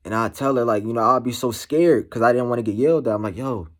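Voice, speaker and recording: A man speaking candidly to camera as a motivational vlogger, halting and slangy, full of "you know" fillers. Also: medium pitch. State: emotional, shaken. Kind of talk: candid personal monologue to camera.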